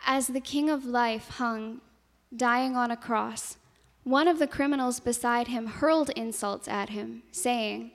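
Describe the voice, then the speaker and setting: A woman slowly reading scripture in a measured way, her voice softening on the quoted words. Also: a little high. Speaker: scripture reader. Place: church. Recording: long hall reverb.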